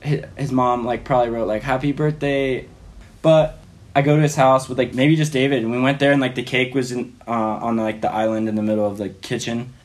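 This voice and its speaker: A man's voice: medium pitch, steady tone, fast. A man telling a story as a podcast guest in casual, rambling speech full of fillers, often laughing.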